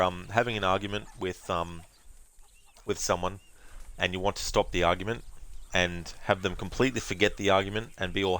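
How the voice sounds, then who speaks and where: Aussie streamer dude, really low voice, rambly casual chat with chat. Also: male voice, a bit bright. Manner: chatty, rambling, thanking viewers, breaks into silly voices and laughs. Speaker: game streamer.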